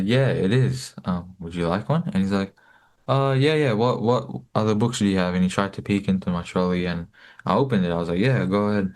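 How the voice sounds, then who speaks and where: Low-voiced young man telling a story. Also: darkish tone. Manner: halting, many fillers and restarts. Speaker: guest, book distributor. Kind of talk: casual storytelling.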